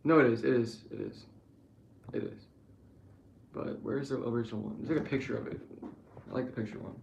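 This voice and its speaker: A man's voice: mid-range voice, a little fast, gravelly, a little mellow, roomy sound, lo-fi sound, a little hiss or hum. A young man in a casual, rambling rant, swearing often and restarting his sentences. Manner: profane, rambling, frequent restarts and fillers.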